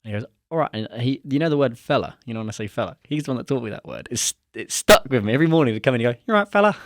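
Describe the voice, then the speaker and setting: A young man telling a story in a casual chat, animated and acting out the dialogue he quotes. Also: medium pitch, racing, dry recording, clean studio sound. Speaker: podcast guest.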